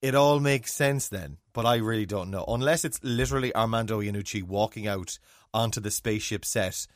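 A man's voice: lowish voice, a little fast, no room sound, studio quality. A man co-hosting a casual chat, rambling and self-correcting with enthusiasm. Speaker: podcast co-host.

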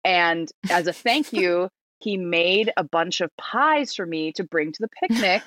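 A woman's voice: fairly low pitch, expressive, a little slow, fairly bright tone, dry recording. American woman, podcast guest, chatty and giggly, dry close mic. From New York, United States. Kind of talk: casual storytelling.

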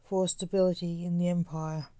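A woman's voice: on the low side, flat delivery, normal speed, dark tone, dry recording, close to an everyday voice. A woman reading the lines of a worried, solemn male sorcerer in a storybook.

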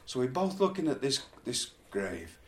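A man's voice: mid-range voice, sing-song, moderate pace. A man telling a rambling, laughing story in casual chat. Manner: rambling, laughs through his stories. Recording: echoey room, faint background noise.

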